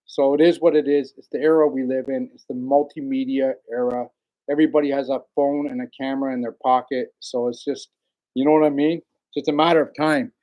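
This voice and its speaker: A man's voice: medium pitch, level tone, brisk, highs cut off. A man hosting a casual livestream, rambling in a laid-back way, greeting viewers by name and laughing often. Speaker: livestream host.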